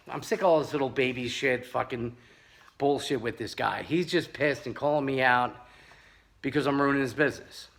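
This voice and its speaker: Gravelly man on a profane angry rant. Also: medium pitch, a bit bright, a little hiss or hum. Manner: angry, profane, sarcastic ranting. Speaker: pepperball gun seller and reviewer. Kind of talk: ranting while test firing.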